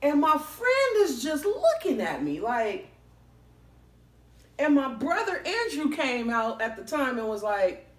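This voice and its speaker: A woman vlogger tells a story casually, with a lively, swooping pitch and frank, salty language. Her voice bounces around an echoey room at home. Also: slow pace. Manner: animated, expressive, swears freely.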